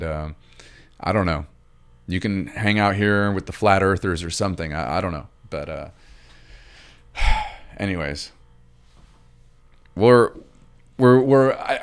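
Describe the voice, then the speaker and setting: Niski, gładki głos Amerykanina. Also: male voice, sits low, clean tone. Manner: rambling, emphatic, swears, frequent restarts. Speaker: political commentator and artist. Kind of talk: casual political commentary monologue.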